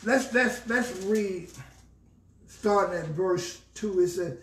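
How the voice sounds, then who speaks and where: A man's voice: high voice, slow, fairly bright tone, roomy sound, distant mic. A man with a Southern US accent, a pastor teaching a Bible study and preaching, repeating phrases for emphasis. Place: church.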